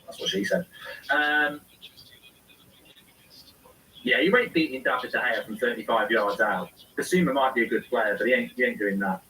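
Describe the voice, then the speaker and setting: A man hosts a casual live football watchalong, reading out viewer comments and giving his own take on each. His voice sits at an ordinary middle pitch. He sounds set back from the mic, with faint noise in the room behind him. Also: normal speed, pauses often, sharp tone, far from the mic, low-quality recording. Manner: reads viewer comments aloud and answers them. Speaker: watchalong host reading chat.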